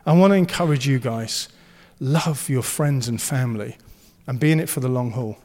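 A man's voice: mid-range voice, normal speed, darkish tone, long reverb tail. A man preaching a sermon, earnest and encouraging, and he slips into playful banter. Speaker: pastor.

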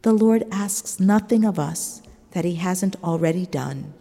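A woman preacher giving a sermon in a measured, earnest storytelling manner. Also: lowish voice, gravelly, warm tone. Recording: long reverb of a large hall.

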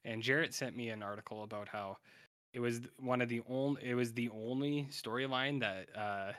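A man's voice: mid-range voice, fairly even intonation, normal speed, fairly bright tone, clean tone. Rambling man recapping a show. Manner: rambling, acts out characters' lines in quotes. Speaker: podcast co-host. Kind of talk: casual chat recapping a TV show.

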